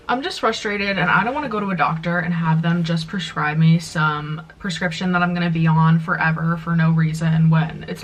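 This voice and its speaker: A woman in her twenties venting in a confessional vlog, frustrated and emotional, her voice wavering as if near tears, with lots of "like". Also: lowish voice. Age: 20s. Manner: frustrated, emotional, heavy use of "like". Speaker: lifestyle vlogger.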